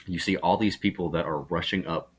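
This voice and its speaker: Very deep-voiced man, husky and earnest. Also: fairly even intonation, fairly quick. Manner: reflective, earnest, restarts often. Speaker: podcast guest. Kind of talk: casual chat.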